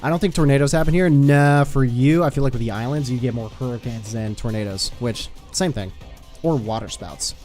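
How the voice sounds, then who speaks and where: A man's voice: mid-range voice, fairly quick, darkish tone, soft background music. A young American man streaming a game, chatting loosely with teammates and swearing now and then. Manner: loose, swears, chats with teammates while playing. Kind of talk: casual gaming stream chat.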